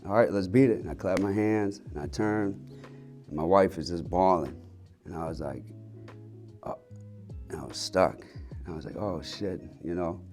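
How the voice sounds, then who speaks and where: A man's voice: low-pitched, normal speed, long pauses, darkish tone, faint music behind. A man in his thirties, a health center owner, candidly telling his personal story in a rambling way, with lots of fillers and casual swearing.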